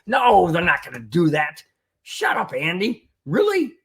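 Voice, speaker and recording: A man's voice: high-pitched, huge pitch swings, measured pace, fairly bright tone, breathy edge. A man hosting a sports podcast, reading viewer comments and ranting sarcastically about the referees. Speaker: podcast host. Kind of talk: casual sports talk, reading chat comments.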